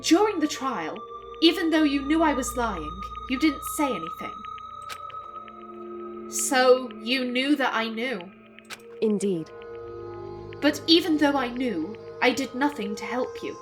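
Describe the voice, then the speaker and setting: A woman reading the lines of a reserved teenage girl detective from a game, in a calm, measured way. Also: high-pitched, over music. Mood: cool.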